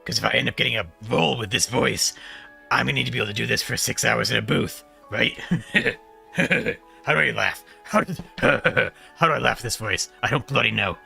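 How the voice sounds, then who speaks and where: A man streaming, chatting casually about voice technique while holding a deliberately gruff, gravelly voice. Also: medium pitch, sharp tone, faint music behind. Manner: talks about voice technique, loose and rambling.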